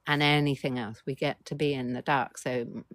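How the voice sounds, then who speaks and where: A woman, a mental health coach, talking gently to viewers on a livestream and coaxing them to respond. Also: very deep voice, fairly even intonation, moderate pace. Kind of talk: livestream talk.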